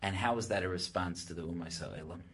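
Husky-voiced rabbi teaching a class. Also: male voice, deep voice, quick pace. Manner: explains Hebrew texts in English, voice rising when quoting; thinks aloud with frequent restarts. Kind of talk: Torah class lecture.

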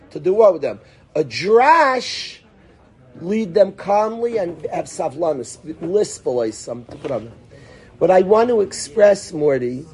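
A man's voice: sits high, warm tone. A man teaching a Torah lesson as a rabbi, thinking aloud, acting out questions and answers, and sprinkling Hebrew and Yiddish terms.

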